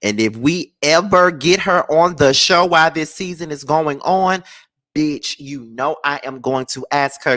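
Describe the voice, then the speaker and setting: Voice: medium pitch, expressive, measured pace, a bit bright. A reaction video host giving dramatic, gossipy, sassy commentary.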